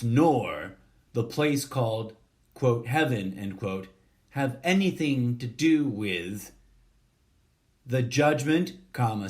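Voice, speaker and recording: A man reads a short story aloud at an unhurried, drawn-out pace. His delivery is deadpan and deliberate, and he even speaks the formatting and punctuation. His voice sits at an ordinary middle pitch. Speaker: podcast host reading a short story.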